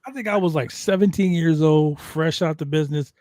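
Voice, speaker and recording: A man hosting a wrestling podcast, telling a road story with heavy swearing and lively energy. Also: a little high, fairly quick, no echo. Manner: animated, profane storyteller. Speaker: podcast host.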